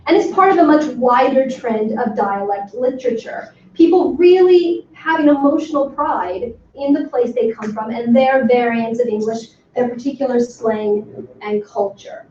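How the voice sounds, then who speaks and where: A woman giving an academic talk to a workshop audience, speaking with enthusiasm and emphasis and filling pauses with frequent ums. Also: a little high, dark tone. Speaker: lecturer. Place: lecture room. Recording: far from the mic in an echoey room, dull and slightly noisy.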